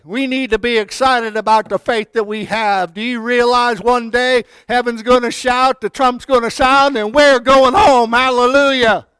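A man preaching a sermon with fervor, swinging from quiet talk up to shouted declarations. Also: extremely high pitch, smooth, no echo. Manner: fervent, rising to shouted declarations.

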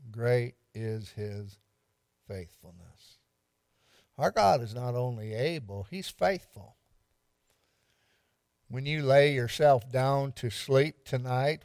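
A man's voice: medium pitch, a little mellow, no room sound, studio quality. A man pastor giving an interactive evening sermon, quizzing the congregation and repeating lines for emphasis with light humor.

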